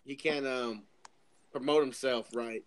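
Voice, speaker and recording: A man's voice: mid-range voice, steady tone, a little slow, a little hiss or hum. A man chiming in with brief folksy remarks during casual chat.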